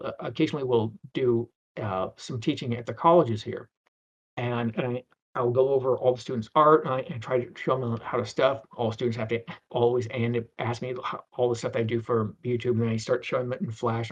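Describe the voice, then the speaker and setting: A middle-aged man, a guest on an interview, telling anecdotes in a rambling way with many restarts and acted-out voices. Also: medium pitch. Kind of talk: anecdotal storytelling. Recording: dull lo-fi sound.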